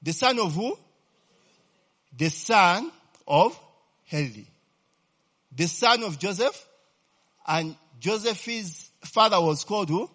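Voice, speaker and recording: A man with a high, husky voice teaches a sermon at an unhurried pace. He keeps checking whether his listeners understand and repeats questions so they can call back the answer. Hallelujah and glory be to God punctuate his points. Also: animated, fairly bright tone. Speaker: preacher.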